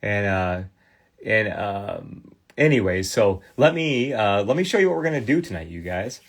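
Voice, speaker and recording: A man's voice: fairly low pitch, sing-song, moderate pace. A man in his forties from Michigan with a Midwestern accent, chatting casually with viewers as a livestream host, full of fillers and restarts. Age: 40s. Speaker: livestream host restoring trading cards.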